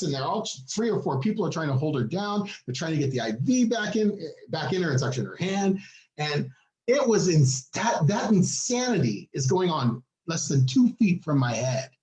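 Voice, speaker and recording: Man, podcast co-host, casual storytelling, animated, acts out quotes, fairly high voice, echoey room. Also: normal speed. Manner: animated, acts out quoted people with big pitch jumps.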